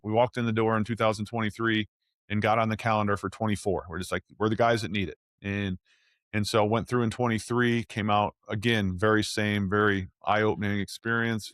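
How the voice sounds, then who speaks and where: This fairly low, clean-toned man's voice belongs to a former NFL offensive lineman in his forties, telling his story as a guest in a relaxed interview. He's an animated storyteller who acts out the voices he quotes. It's a studio-quality recording with no echo.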